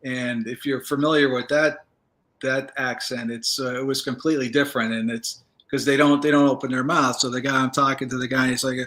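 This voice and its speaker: In a relaxed interview, a man who used to be a federal agent spins loose, filler-heavy stories at a normal speed in a mid-range voice.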